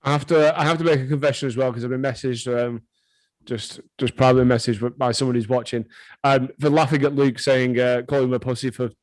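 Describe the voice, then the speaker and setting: A man with a dry, close sound and a voice of middling pitch, chatting on a livestream. He is jokey and sweary and laughs easily. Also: steady tone, fast, a little mellow, no echo. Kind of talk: casual livestream chat.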